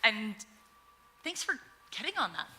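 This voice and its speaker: A woman's voice: a little high, very animated, measured pace. A female election candidate speaking effusively and gratefully at a forum. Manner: warm and effusive. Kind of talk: debate remarks.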